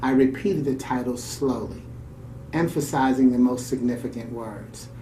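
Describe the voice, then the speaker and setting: A man co-hosting a radio show reads a story and adds thoughtful, spontaneous remarks in a warm manner. He speaks at a normal speed with a medium pitch; the audio is roomy and distant, with faint ambience and a bit of hiss or hum.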